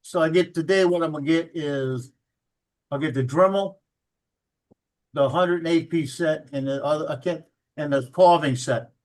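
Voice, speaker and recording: A man's voice: a little high, moderate pace, darkish tone. A man hosting a casual live chat, talkative and coaxing his pets with treats. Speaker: host.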